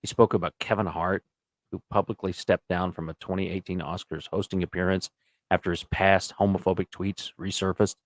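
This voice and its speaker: A man's voice: deep voice, flat delivery, a little fast, dry recording. A man co-hosting a podcast in casual chat, reading articles aloud with offhand asides. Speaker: podcast co-host.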